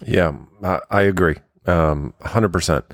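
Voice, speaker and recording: A man co-hosting a sports podcast, answering in a relaxed way with fillers. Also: low-pitched, normal speed, dry recording, studio quality. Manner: relaxed agreeing replies with fillers. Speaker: podcast co-host. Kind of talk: casual sports talk.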